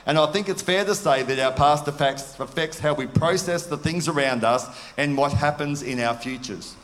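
A man's voice: on the high side, normal speed, a bit bright. A man preaching a sermon in an earnest, conversational way, asking his listeners questions. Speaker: pastor. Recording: long hall reverb.

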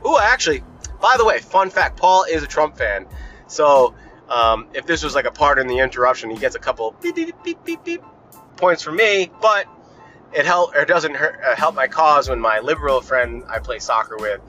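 A man's voice: mid-range voice, lively intonation, normal speed, sharp tone, lo-fi sound, faint music behind. A young man hosting a podcast, ranting in a casual, profane, rambling and opinionated way. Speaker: podcast host.

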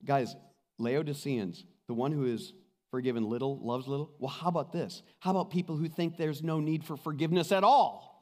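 A man's voice: fairly high pitch, moderate pace. A man preaching a sermon as pastor, telling stories with energy and acting out the people he quotes. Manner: animated storytelling, acts out quoted voices. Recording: reverberant hall.

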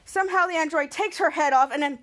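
A woman's voice: high-pitched, quick pace, fairly bright tone, no room sound. A woman podcast host casually recapping a TV episode, retelling scenes with lots of quoted lines.

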